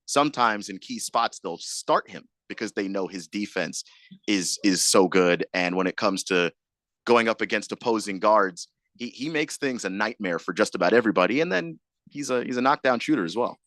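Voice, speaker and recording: Low-voiced man breaking down basketball. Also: expressive, moderate pace, a bit bright, no room sound. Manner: thoughtful basketball analysis with frequent restarts. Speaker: sports radio co-host. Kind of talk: casual sports talk.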